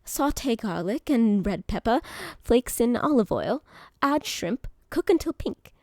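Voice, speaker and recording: A woman's voice: fairly high pitch, expressive, warm tone, no echo. A woman doing a chipper British bartender bot. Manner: deliberately bad put-on British accent; upbeat, genial, reading out steps. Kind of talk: reading a chatbot reply in character.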